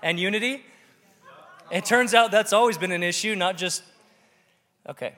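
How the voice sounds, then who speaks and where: A man preaching a sermon to a congregation, animated and joking with the audience. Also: high voice, moderate pace, slight background noise. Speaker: pastor. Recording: long reverb of a large hall.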